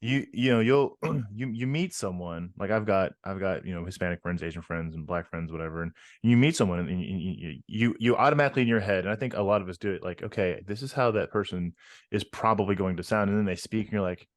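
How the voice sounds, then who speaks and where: A man's voice: sits low, fast, few pauses, no room sound, clean studio sound. A man from Arkansas, a podcast host, chatting loosely in an interview. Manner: loose, rambling. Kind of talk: casual interview chat.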